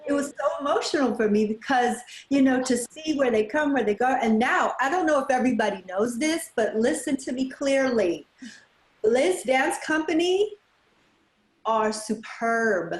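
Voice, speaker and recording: A woman's voice: high voice, lively intonation, normal speed. A woman hosting an interview as the festival organizer, speaking in an emphatic, heartfelt way. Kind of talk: casual interview chat. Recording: echoey room.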